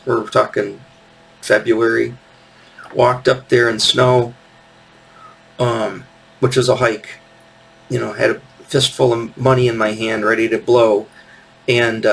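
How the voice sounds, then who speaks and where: Gravelly man telling stories, far from the mic. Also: medium pitch, a bit bright. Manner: rambling, self-correcting, acts out quotes. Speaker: host. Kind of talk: casual nostalgic storytelling. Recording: voice distant from the mic.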